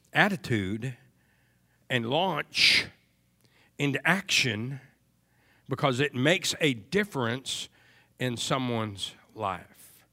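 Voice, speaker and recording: A man's voice: medium pitch, bright, forceful tone. A man preaching a sermon as pastor, earnest and emphatic, leaning on repeated phrases.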